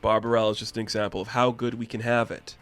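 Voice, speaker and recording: A man's voice: lowish voice, level tone, fast talker, fairly bright tone, clean tone, soft background music. A young man casually reviewing a comic book issue in an enthusiastic, chatty way, full of rhetorical asides.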